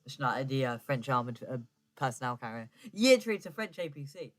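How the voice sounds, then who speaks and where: A man's voice: medium pitch, big pitch swings, fairly quick. A man giving casual, rambling gameplay commentary as a gaming streamer, often correcting himself and stumbling over words. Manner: rambling, self-correcting, stammers when flustered.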